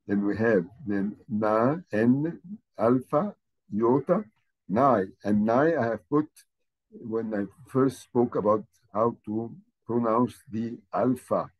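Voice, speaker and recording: A man leads a slow, careful language lesson. He spells each word out letter by letter and repeats it patiently. His voice is slightly husky. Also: medium pitch, muffled recording. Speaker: language teacher.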